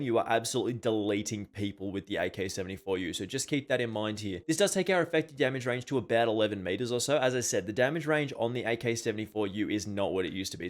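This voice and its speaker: A man hosting a gaming channel, giving a brisk voice-over guide to weapon loadouts and often repeating stock phrases. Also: medium pitch. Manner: brisk, repeats filler phrases like "just keep that in mind".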